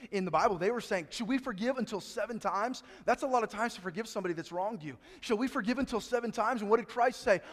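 Male preacher, high voice, swings loud to hushed, church hall reverb. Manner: preaching with rising emphasis and dramatic hushed drops. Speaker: pastor. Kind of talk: sermon. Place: church sanctuary.

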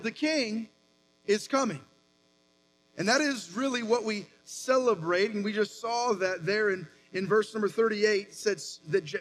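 High-voiced preaching man. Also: slight background noise, low-quality recording. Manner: animated preaching with emphatic rises and quick asides. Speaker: pastor. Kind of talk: sermon.

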